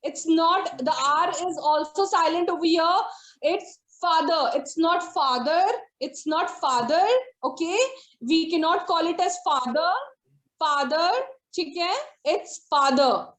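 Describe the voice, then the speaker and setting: Very high-voiced teacher. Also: female voice, fairly bright tone, echoey room. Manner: drills words by repeating them slowly. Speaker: English pronunciation teacher. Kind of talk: online class instruction. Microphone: video call.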